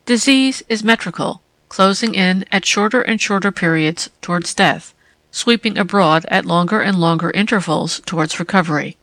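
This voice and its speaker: Woman reader, lowish voice, dry close sound, calm deliberate essay reading. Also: dry recording.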